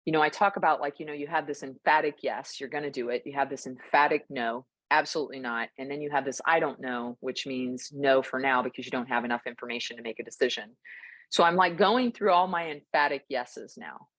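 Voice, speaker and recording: A woman co-hosting a podcast, telling a story in a relaxed, reflective way with frequent fillers. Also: a bass voice, fairly quick, no room sound. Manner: thoughtful storytelling, many fillers. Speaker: podcast co-host. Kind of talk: casual reflective chat.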